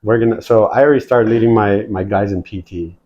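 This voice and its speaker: A man with a lowish voice tells stories in a casual, animated way, swearing freely and acting out quoted dialogue. The recording sounds dull and lo-fi. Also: fast talker. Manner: profane, animated storytelling, acts out quoted dialogue. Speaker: guest, military veteran. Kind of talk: casual storytelling.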